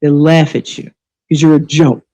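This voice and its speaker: A woman's voice: low-pitched, level tone, moderate pace, warm tone, poor audio. A woman hosting a live stream, delivering an angry, sarcastic, profanity-laced rant full of scolding rhetorical questions. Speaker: livestream show host. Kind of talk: ranting live commentary.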